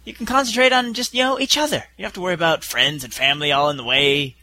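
A man's voice: on the high side, quick pace, pushed and bright, no room sound. A man on a casual podcast, bantering and teasing his co-hosts. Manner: teasing, jokey. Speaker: podcast co-host.

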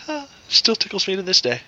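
A man's voice: sits high, bright, forceful tone, no echo, dull audio. A man co-hosting a podcast in casual comedic chat, making dry, wry quips. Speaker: podcast co-host.

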